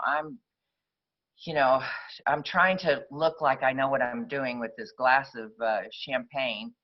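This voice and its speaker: Woman, recovery meeting speaker, rambling conversational storyteller, muffled lo-fi recording. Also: very deep voice.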